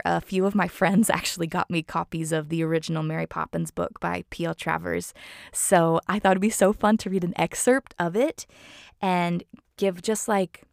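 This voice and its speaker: Gravelly, chatty woman podcast host. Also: lowish voice, no room sound, clean studio sound. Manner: chatty, gushing, enthusiastic. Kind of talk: casual chat and reading aloud.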